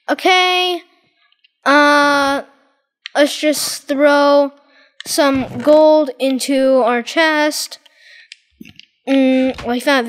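A woman giving excitable, dramatic commentary over her Minecraft gameplay, exclaiming and repeating herself. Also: high-pitched. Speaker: gaming channel host.

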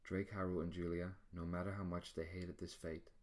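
A man narrates an audiobook chapter in a quiet, low-key manner. His voice sits very low and stays soft through the descriptive passages. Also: level tone, moderate pace.

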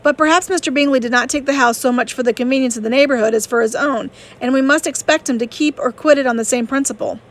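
A woman reading the part of a witty, sharp-tongued young woman in an audiobook, brisk and pointed. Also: sits high.

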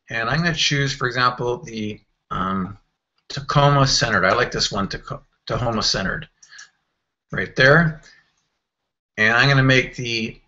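A man walking through a software screen tutorial in a casual, think-aloud way, with fillers and self-corrections. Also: medium pitch, muffled recording. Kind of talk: screen-recorded software walkthrough.

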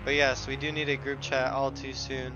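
A young man streaming a video game live, chatting casually and excitedly with viewers and teammates, swearing now and then. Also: medium pitch, normal speed, highs cut off, music in the background. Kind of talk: casual live gameplay commentary.

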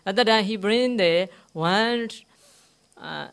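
Speaking slowly in a high, clean, fairly bright voice with some vocal fry, a monk gives a live dharma talk in a meditation centre hall. He uses simple broken English, poses questions to the audience, and tells a teaching story while repeating key words.

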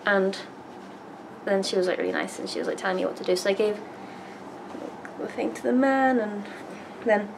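A woman's voice: mid-range voice, normal speed, vocal fry, long pauses, background noise. A young woman, telling a story casually to camera with lots of fillers and the odd swear. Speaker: vlogger.

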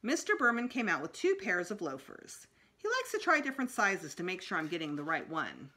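A woman, a school librarian, reading a children's chapter book aloud with expressive storytelling. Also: on the low side, brisk.

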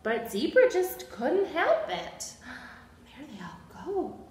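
A woman's voice: high voice, huge pitch swings, slow, a little mellow, a little hiss or hum. A woman librarian reading a picture book aloud at a children's storytime, sing-song and gasping with cheerful encouragement. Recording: roomy echo.

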